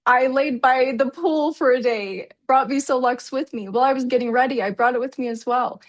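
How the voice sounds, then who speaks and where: A woman's voice: sits high, brisk. A woman presenter telling a personal travel story in an enthusiastic, chatty way, often calling the audience "you guys.". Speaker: presenter at a product launch.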